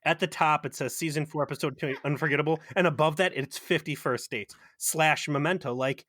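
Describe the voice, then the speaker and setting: A man co-hosting a podcast, recapping an episode in sarcastic, profane, animated chat. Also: on the high side, fairly quick, no room sound, clean studio sound. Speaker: podcast co-host.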